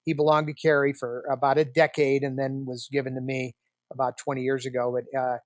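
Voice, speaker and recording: A man in his sixties, a film producer guest, telling chatty, animated anecdotes in a casual interview, with frequent restarts. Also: mid-range voice, brisk, no echo.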